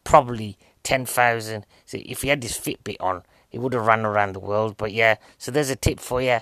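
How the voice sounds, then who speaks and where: A man's voice: fairly low pitch, brisk, fairly bright tone, dry recording. A man giving a casual, jokey, rambling film review, a bit out of breath.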